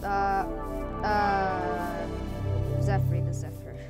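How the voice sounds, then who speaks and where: A woman's voice: fairly low pitch, flat delivery, drawn-out words, loud music behind the voice. A woman doing goofy, playful let's-play commentary and role-playing as she plays. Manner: goofy, bickers with herself in made-up voices. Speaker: gameplay commentator.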